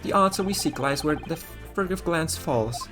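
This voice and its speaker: A man's voice: fairly high pitch, expressive, normal speed, pitched above the performer's own voice, lightly acted. A man voicing a pompous male detective in a theatrical, grandiose way. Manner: theatrical, grandiose, stumbling over words. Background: game music.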